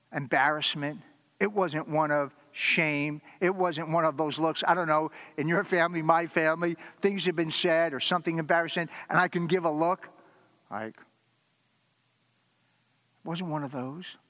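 A man's voice: on the high side, measured pace, long pauses, big-room sound. Male pastor with dramatic storytelling. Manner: dramatic storytelling, swinging from loud to hushed. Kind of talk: sermon.

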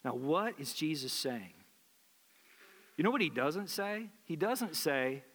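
Male pastor, slightly higher voice, earnest sermon delivery with repetition, echoing church hall. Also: lively intonation, slow pace, a bit bright, husky. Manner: earnest, repeats phrases for emphasis.

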